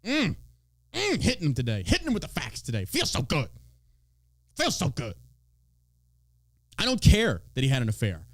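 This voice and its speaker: A man's voice: on the high side, wildly swooping pitch, normal speed, pauses often, fairly bright tone, dry recording. A man from Texas hosting a podcast, ranting about politics in a mocking, profane way and swearing freely. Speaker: podcast host.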